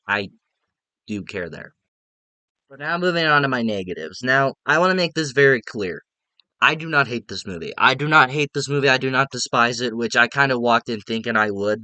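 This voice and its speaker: A man's voice: medium pitch, bright, forceful tone, smooth, no echo. A man giving a casual, rambling spoken movie review, frank and often restarting his sentences.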